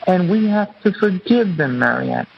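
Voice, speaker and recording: A man's voice: high-pitched, lively intonation, moderate pace, vocal fry, slight background noise. Man, interview guest, earnest, repetitive, teacherly, lo-fi radio sound. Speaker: guest author and acupuncturist. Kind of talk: interview, explaining his teaching.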